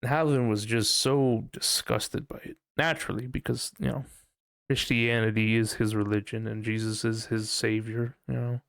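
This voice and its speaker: A man's voice: mid-range voice, fairly even intonation, normal speed, creaky, a bit bright, dry recording, clean studio sound. A man hosting a casual solo podcast, rambling and swearing as he thinks aloud, often unsure of himself. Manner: rambling, profane, unsure musing. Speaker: podcast host.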